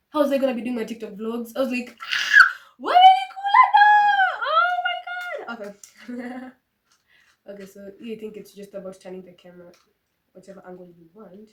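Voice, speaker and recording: A young Kenyan woman chats through a vlog from her room, slipping between English and Swahili and breaking into high shrieks of excitement. Her voice is a little stuffy from a flu. She is picked up from a few steps away on a phone, with a clear hiss of background noise underneath. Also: distant mic. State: congested with a flu, coughing. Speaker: vlogger. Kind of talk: casual vlog chat.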